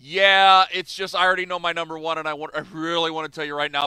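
Radio host, male, high bright voice, excitable and fast-shifting, dry studio sound. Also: clean tone, no room sound. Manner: animated, excitable, jumps between topics. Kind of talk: casual sports talk chat.

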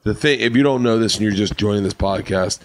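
A middle-aged man, a tipsy comedian, telling loud, animated stories on a late-night podcast backstage at a comedy club, laughing and talking over the others. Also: lowish voice, fast.

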